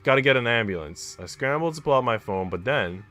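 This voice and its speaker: A man streaming himself reading a visual novel aloud, expressive and reacting out loud between lines. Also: medium pitch, fairly quick, soft background music. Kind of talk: dramatic read-aloud with commentary.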